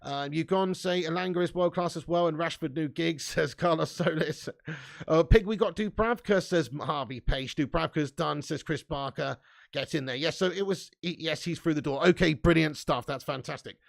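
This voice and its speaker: This is a young man hosting a live stream. He is reading viewer comments aloud. His voice is gravelly and sits a little high. His delivery is loose and laddish, with laughs and the odd swear word. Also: moderate pace. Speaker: fan channel host reading live chat. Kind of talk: casual live-stream chat.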